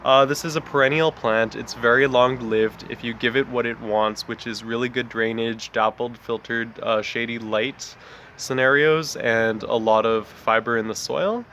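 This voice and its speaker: Man, casual vlogger, rambling, friendly, mid pitch, backyard, faint outdoor noise. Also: steady tone, normal speed, fairly bright tone. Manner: rambling, friendly, many fillers. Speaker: gardening vlogger. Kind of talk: casual outdoor plant talk.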